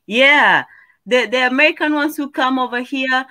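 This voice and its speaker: A woman giving frank opinions in a casual panel chat, quick to mock what annoys her. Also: sits high, sharp tone, dry recording.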